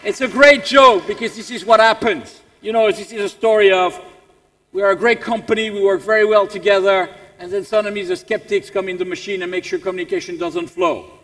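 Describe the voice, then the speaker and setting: A man with a French accent giving an animated motivational business talk to staff. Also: sits high, fairly quick. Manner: animated, repeats words as he restarts. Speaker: keynote speaker. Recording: long reverb in a large hall.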